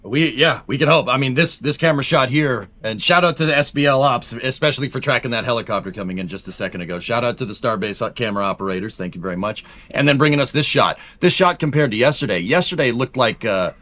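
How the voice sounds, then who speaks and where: Lively, joking man co-host. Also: medium pitch, fast talker, hardly any pauses. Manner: joking, playful banter. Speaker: launch stream co-host. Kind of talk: casual live-stream commentary.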